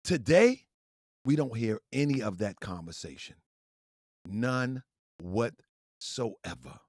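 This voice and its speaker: A man hosting an online commentary channel, preaching in a fiery, repetitive way that swings from shouting to quiet, laughing apologies. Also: mid-range voice, lively intonation, takes it slowly, no room sound, studio quality. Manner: preachy, repetitive calls and answers. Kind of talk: fiery talking-head rant.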